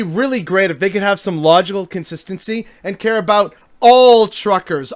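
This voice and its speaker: Sarcastic high-voiced man venting. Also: normal speed, few pauses, no room sound. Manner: sarcastic, exasperated. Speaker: commentary vlogger. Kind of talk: opinion commentary monologue.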